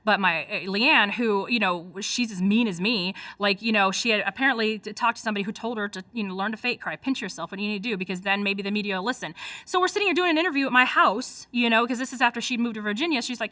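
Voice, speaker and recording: Woman with a Michigan accent, middle-aged, quick and lively, bright voice, dry close sound. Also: medium pitch, no echo. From United States. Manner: fast, animated storytelling with frequent fillers. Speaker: interviewee, community activist. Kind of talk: casual spoken recollection.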